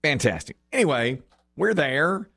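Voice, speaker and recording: A man's voice: fairly high pitch, unhurried, vocal fry, slightly rough. A middle-aged man hosting a radio show, chatting casually and telling stories while acting out the voices of people he quotes. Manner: animated storyteller who acts out quoted voices. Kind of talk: casual on-air chat.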